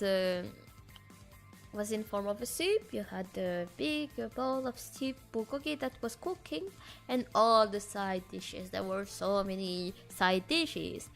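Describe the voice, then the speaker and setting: A woman with a French accent, a streamer telling stories in casual chat with hesitant fillers and animated delivery. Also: medium pitch, takes it slowly, gravelly, faint music behind. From France. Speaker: VTuber streamer.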